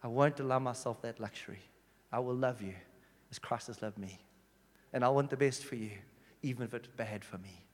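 Preacher, reverberant church hall. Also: male voice, medium pitch, fairly quick. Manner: animated storytelling, swinging from hushed to loud. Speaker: pastor. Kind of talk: sermon.

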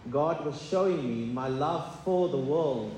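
A man's voice: on the high side, a little slow, darkish tone, a little hiss or hum. A man preaching a sermon as pastor, earnest and confessional, often stumbling over fillers and restarts. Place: church sanctuary. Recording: echoey hall, faint ambience.

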